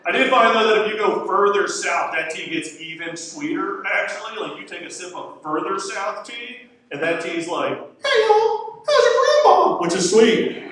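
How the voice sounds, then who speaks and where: A man from Florida doing stand-up, wry and self-deprecating in a loose, conversational way. His voice sits a bit high for a man. It is picked up from a distance in a very echoey club, with noticeable background noise. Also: moderate pace, bright, forceful tone. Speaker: stand-up comedian. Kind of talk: stand-up comedy set. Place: comedy club stage. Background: audience laughter.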